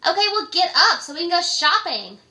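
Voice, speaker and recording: A woman voicing a pushy caller who nags loudly and whines in exasperation. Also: very high-pitched, sing-song, fairly quick, voice pushed up, exaggerated voice. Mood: nagging, exasperated. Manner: loud, exasperated and whiny. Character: pushy, nagging caller who phones at midday.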